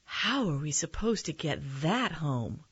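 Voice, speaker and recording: A woman's voice: sits low, sing-song, measured pace, fairly bright tone, husky, no room sound, lo-fi sound, full character voice. A woman voicing a flustered mother of a young boy, exasperated. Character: fretting mom of a young boy.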